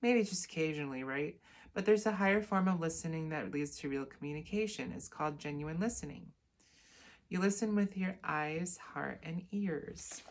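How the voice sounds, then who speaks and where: A woman's voice: low-pitched, moderate pace, a little hiss or hum. A woman reading from a self-help book in a casual lesson, adding chatty asides and correcting herself as she goes. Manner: reads aloud, then adds chatty asides and self-corrections.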